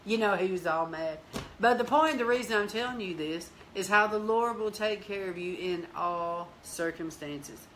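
A woman hosting a Christian teaching show, telling a lively testimony, acting out the dialogue and breaking into prayer and praise. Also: medium pitch, normal speed, slight background noise. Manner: lively storyteller, acts out dialogue, bursts into praise.

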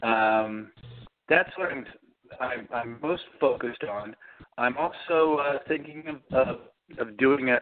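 A middle-aged man, a guest author, answering interview questions with lively storytelling and acting out the voices he quotes. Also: medium pitch. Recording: dry, tinny phone line.

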